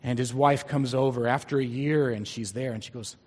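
A male pastor delivers a sermon in a measured, deliberate way, drawing out important words. His voice has a husky, slightly rough texture. It sounds like a church sanctuary, with a long reverb trailing every phrase. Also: medium pitch, darkish tone. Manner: deliberate, stretching key words for emphasis.

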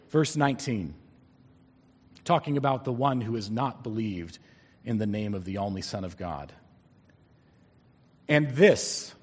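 A male pastor delivers a sermon in a measured, deliberate way, drawing out important words. His voice has a husky, slightly rough texture. It sounds like a church sanctuary, with a long reverb trailing every phrase. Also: medium pitch. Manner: deliberate, stretching key words for emphasis.

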